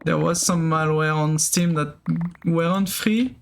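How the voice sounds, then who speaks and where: A man's voice: fairly high pitch, a little slow, gravelly, clean tone. A man from Switzerland with a Swiss French accent, chatting casually on a live gaming stream, rambling with many fillers and restarts as he answers chat.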